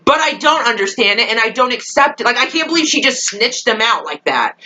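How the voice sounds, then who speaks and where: A woman ranting in a casual reaction vlog about a TV episode, exasperated and profane, often jumping sharply up in pitch. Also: moderate pace, poor audio. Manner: animated, with big jumps up in pitch. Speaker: TV episode reviewer.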